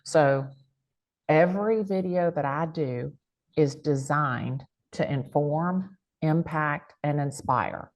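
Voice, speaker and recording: A woman's voice: sits low, slow pace. A woman with a strong American country accent, giving punchy, emphatic advice full of folksy catchphrases in an interview. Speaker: real estate agent and guest speaker. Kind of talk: motivational interview talk.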